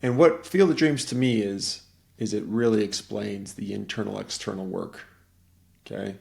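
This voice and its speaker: A man's voice: on the low side, normal speed, vocal fry, darkish tone. A middle-aged man in casual conversation, telling a rambling story and acting out the voices of the people in it.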